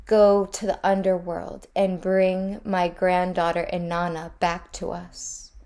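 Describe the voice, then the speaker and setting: A wise old grandfather god cries out in troubled disbelief, as a woman reads him aloud. The voice is low and unhurried. He sounds worried yet firm. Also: level tone, a little mellow. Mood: commanding. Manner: distressed crying out.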